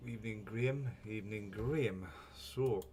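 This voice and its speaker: A man chats loosely on his own live stream in a lowish voice. He rambles, swears without a second thought and chuckles often while greeting viewers. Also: normal speed, a little mellow, slight background noise. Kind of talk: casual live-stream chat.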